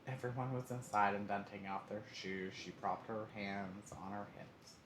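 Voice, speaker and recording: A man streaming live reads a story game aloud, dropping in casual asides and laughs. He speaks at a normal speed with a fairly low, level voice, and the audio has a roomy echo and faint noise.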